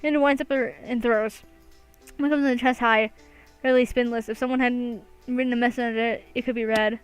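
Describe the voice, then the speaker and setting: A woman's voice: fairly high pitch, fairly even intonation, normal speed, clean tone, faint music behind, rough recording. A young woman reading a visual novel aloud, laughing and stumbling over words now and then. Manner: reads with frequent laughs and slips. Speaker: let's play gamer.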